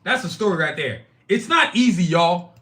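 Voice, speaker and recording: A man's voice: high voice, expressive, moderate pace, pushed and bright. A man hosting his own live-streamed podcast, talking emphatically and bluntly, with frequent profanity, straight to his chat. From Nigeria. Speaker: podcast host.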